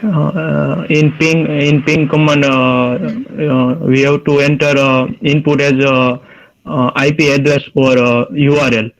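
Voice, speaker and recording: A young man answering exam questions with halting, filler-heavy replies over a video call. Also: on the high side, little pitch movement, low-quality recording. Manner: hesitant, halting, many fillers. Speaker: student in an oral exam.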